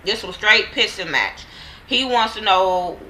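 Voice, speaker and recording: A woman's voice: medium pitch, measured pace, sharp tone, rough recording. A woman casually recapping a TV drama episode with slang and profanity, acting out the characters' lines in quotes. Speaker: TV show reviewer.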